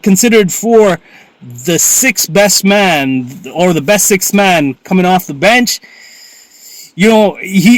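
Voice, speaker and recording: A man talks basketball to his viewers in a casual, animated way, breaking into laughter often. His voice sits high for a man. The recording is dry and close, with no room sound. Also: no room sound. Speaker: sports vlogger. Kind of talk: casual basketball commentary vlog.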